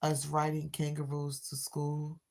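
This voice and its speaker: A middle-aged woman with hosts a relaxed livestream, answering her viewers' comments one by one. Her voice sits on the low side and she takes her time with every phrase. She sounds a little tired and congested, and she drops in drawn-out exclamations as she chats. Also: gravelly. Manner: drawling Southern-style exclamations like "child" and "Lordy days". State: tired, stuffy sinuses. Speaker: livestream host. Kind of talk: casual live chat.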